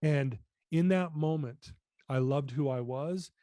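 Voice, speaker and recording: Earnest man in his fifties, mellow voice. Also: a little high, takes it slowly, dry recording, studio quality. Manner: earnest, emotional storyteller. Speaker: guest. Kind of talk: storytelling in a podcast interview.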